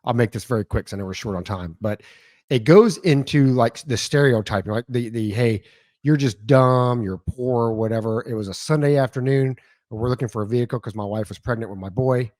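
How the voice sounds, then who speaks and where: A man's voice: mid-range voice, quick pace, no room sound. A man co-hosting a podcast, telling stories animatedly and acting out what people said. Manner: animated storyteller who acts out voices. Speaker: podcast co-host. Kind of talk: casual podcast conversation.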